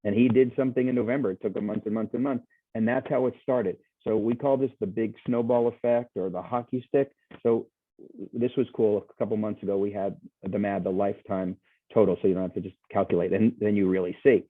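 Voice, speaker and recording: This man's voice is fairly low and steady, running a little fast with no room sound. He's a guest speaker making an enthusiastic, casual sales pitch on a video call, rambling and frequently starting over, and the audio is dry and tinny like a phone.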